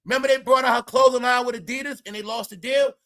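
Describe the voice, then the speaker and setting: A man hosting a casual commentary show, talking in an animated, profane, rambling way. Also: very high voice, quick pace.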